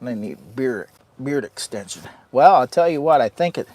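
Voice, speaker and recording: A man's voice: medium pitch, expressive, moderate pace, a little mellow, no echo. Rambling man chatting in a hot tent. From Michigan. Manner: rambling, talks to his dog in a doting baby voice. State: hot and sweating. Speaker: outdoor vlogger and live streamer. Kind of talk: casual live-stream chat. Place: inside a heated tent in the rain.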